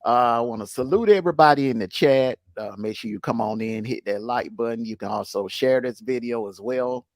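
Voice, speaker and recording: A man's voice: medium pitch, fairly quick. A man hosting a casual college football livestream, upbeat and laughing often. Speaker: show host. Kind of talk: casual sports talk livestream.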